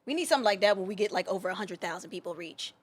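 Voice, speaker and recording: A woman's voice: mid-range voice, expressive, racing, slightly rough. A woman co-hosting a pop culture podcast in casual chat, teasing and laughing often. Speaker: podcast co-host.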